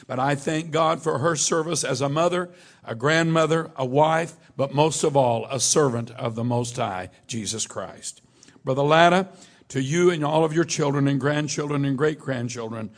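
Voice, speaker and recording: Brief: man, church official, fervent memorial tribute, slightly higher voice. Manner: earnest, fervent church cadence.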